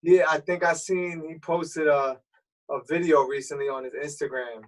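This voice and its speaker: A man being interviewed as a radio DJ, explaining things in a relaxed, streetwise way. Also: on the high side, moderate pace. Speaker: radio DJ guest. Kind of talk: casual interview chat. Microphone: remote call. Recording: voice a bit far from the mic.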